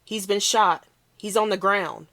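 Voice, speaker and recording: A woman reading aloud, voicing a frantic male bystander who calls for help in panicked, shouted bursts. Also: mid-range voice, unhurried, no echo, voice pushed up. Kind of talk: read-aloud novel.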